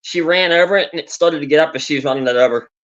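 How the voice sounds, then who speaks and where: A man chatting casually as a guest on a livestream, loose and quick. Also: on the high side, fairly bright tone, highs cut off. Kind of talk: casual chat.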